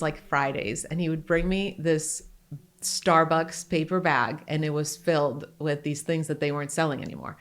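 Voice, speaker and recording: A woman in her forties telling personal stories in a casual, animated way as a podcast guest. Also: sits low, smooth. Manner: animated, grows excited then softens. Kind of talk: casual conversational storytelling.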